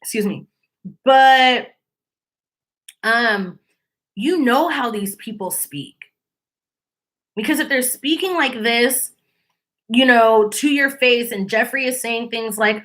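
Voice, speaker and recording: A young woman talks straight to her audience in a casual commentary, her voice high and bright. She is chatty and animated and slips into quick impressions of the people she quotes. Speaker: commentary channel host.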